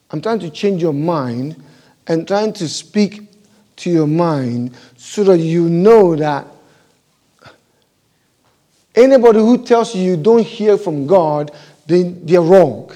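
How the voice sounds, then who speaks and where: A male preacher delivers a sermon in a notably high voice with a soft, mellow tone. He keeps turning to his listeners with rhetorical questions and answers them himself. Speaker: pastor.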